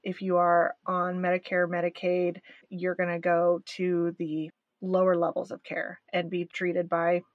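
A candid woman co-hosts a casual podcast chat, speaking with emphasis. Her voice is low, and the recording is dull and muffled. It sounds dry and close. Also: completely flat delivery, a little slow, hardly any pauses, dry recording. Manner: candid and emphatic, with nervous laughs. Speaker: podcast co-host.

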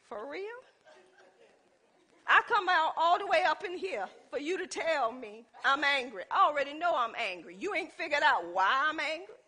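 A woman delivers a sermon in a high voice, talking straight to the congregation as "y'all". Her tone is bright and ringing. She moves from easy conversational storytelling into loud, impassioned exhortation. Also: big pitch swings, normal speed. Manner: conversational preaching that builds to impassioned calls; informal, addresses the congregation as y'all. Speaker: preacher.

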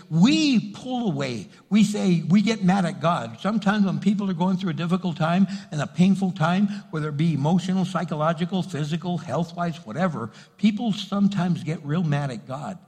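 A man's voice: high voice, expressive, normal speed, few pauses, a little mellow, husky. A man preaching a sermon as pastor, building emphasis and acting out quotes. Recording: reverberant hall.

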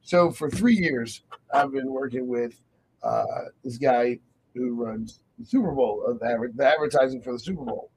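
A man hosting a faith radio talk show, telling a personal story with lively acted-out dialogue. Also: medium pitch, moderate pace, slightly rough, rough recording. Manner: animated storytelling, acts out quoted dialogue.

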